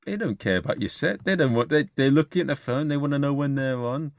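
A man hosting a podcast, asking questions in a halting, profane, casual way. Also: mid-range voice, no room sound. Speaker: podcast host.

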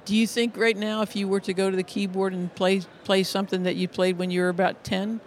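High-voiced middle-aged man, earnest storyteller. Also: flat delivery, brisk, slight background noise. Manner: earnest, with frequent restarts and repeated words. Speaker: music educator. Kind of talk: conversational interview storytelling.

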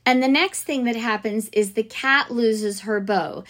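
A woman with a slightly high voice hosts a podcast for music teachers. She talks slowly and casually, sharing classroom ideas with enthusiasm. Her speech is loose and chatty, full of fillers and small restarts. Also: fairly bright tone. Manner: chatty, enthusiastic, chants rhythms and sings snippets.

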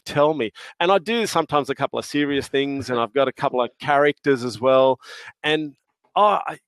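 A man's voice: a little high, fairly bright tone, dry recording. A middle-aged Australian man, a podcast guest, chatting casually and telling stories with a laugh and plenty of slang. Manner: jovial, laughing storyteller with slang. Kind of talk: casual chat.

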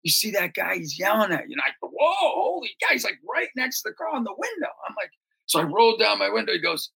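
A man who leads a youth ministry and coaches basketball, telling stories in an animated interview and often jumping into shouts and high-pitched voices. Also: quick pace, gravelly, slightly rough.

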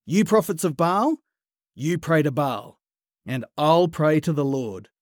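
A man's voice: fairly high pitch, big pitch swings, measured pace, a little mellow, no room sound, clean studio sound. A man voicing a confident, playful prophet in a storybook retelling, laying out a challenge and mocking his rivals. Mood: explaining. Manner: playful, matter-of-fact, mocking.

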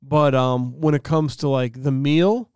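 A man's voice: medium pitch, measured pace, clean tone, no room sound. A young man talks in a loose, rambling way, swearing freely as he spins a story for his co-host. His voice sits in the middle of the range. The sound is dry and close. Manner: rambling storyteller, heavy swearing, animated impressions. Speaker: podcast co-host. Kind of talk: casual chat.

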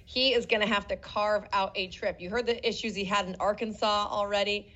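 A woman co-hosting a casual podcast, talking briskly and informatively. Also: mid-range voice, steady tone, sharp tone, lo-fi sound. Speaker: podcast co-host. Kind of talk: casual chat.

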